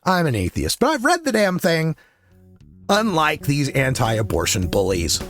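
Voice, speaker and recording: An older man hosting his own show, telling a story in a profane, impassioned political monologue that builds to loud shouting. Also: fairly high pitch, huge pitch swings, a little slow, faint music behind. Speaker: show host.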